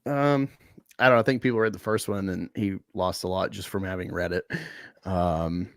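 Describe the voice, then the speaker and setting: A man's voice: sits low, steady tone, normal speed, no room sound, clean studio sound. A man in casual livestream chat who laughs often and reads text aloud.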